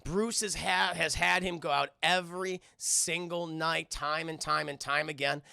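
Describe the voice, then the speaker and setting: Gravelly, bright-voiced male streamer. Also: on the high side, fairly even intonation, unhurried, no room sound, clean studio sound. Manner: profane, rambling, addresses chat constantly. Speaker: streamer and cartoon reviewer. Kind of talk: casual episode recap to live chat.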